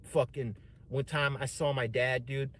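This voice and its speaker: A man's voice: mid-range voice, little pitch movement, measured pace, fairly bright tone, a little hiss or hum. A man streaming, telling a personal story in a casual, rambling way, swearing often and saying "man" and "dude" a lot.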